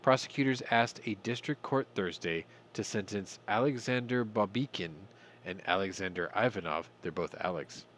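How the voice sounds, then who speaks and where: A man's voice: on the low side, normal speed, a bit bright, a little hiss or hum. A man hosting a casual news commentary podcast, irreverent and swearing, with ranting asides. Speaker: podcast host.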